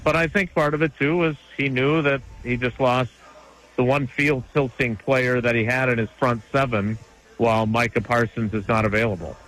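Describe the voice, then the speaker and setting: A man's voice: mid-range voice, steady tone, normal speed, a bit bright, low-quality recording. Chatty man giving football analysis. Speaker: co-host, sports analyst. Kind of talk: casual sports talk.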